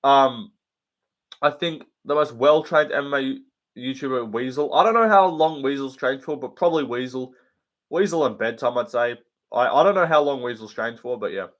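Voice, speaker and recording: A man hosts a casual live stream and answers viewer questions. He talks bluntly and swears often. His delivery rambles, with plenty of ums and likes, at an ordinary mid-range pitch. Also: moderate pace. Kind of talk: casual livestream chat.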